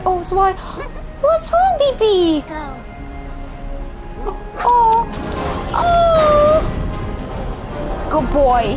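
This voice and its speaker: A young woman hosting an anime reaction video, gasping, squealing and repeating herself as she comments. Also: high voice.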